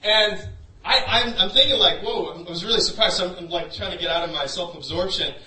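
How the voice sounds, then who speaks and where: Guy giving a sermon, chatty, lots of you-knows, bright tone, roomy echo, faint background hum. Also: high-pitched, fast. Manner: conversational, many "you know" fillers. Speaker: pastor. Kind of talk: sermon with personal story. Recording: echoey room, voice from a distance.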